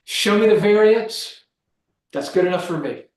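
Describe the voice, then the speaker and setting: Male guest lecturer, high voice, emphatic and animated, heavy room echo. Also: moderate pace. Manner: emphatic, animated, with frequent restarts. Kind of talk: seminar lecture and closing remarks. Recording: very echoey room.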